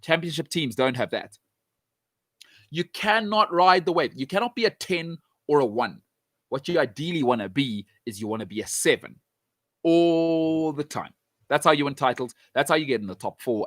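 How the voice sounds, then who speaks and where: A football pundit speaks a little fast in an expressive, somewhat bright, medium-pitched voice with no echo. Addressing fans directly, he delivers blunt opinions and pounds his arguments by saying them again and again.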